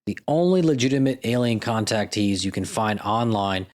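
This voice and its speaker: A man's voice: lowish voice, animated, normal speed, a little mellow. A man hosting a podcast in a sarcastic, self-deprecating comedic monologue, swearing freely. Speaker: podcast host.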